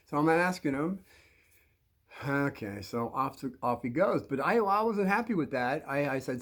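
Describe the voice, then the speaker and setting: An older man telling a rambling personal story, halting with many restarts and chuckles. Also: a little high, big pitch swings.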